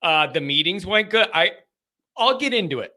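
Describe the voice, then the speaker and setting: A man hosting a live college football call-in show, rambling and excitable with bursts of yelling. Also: high-pitched, moderate pace.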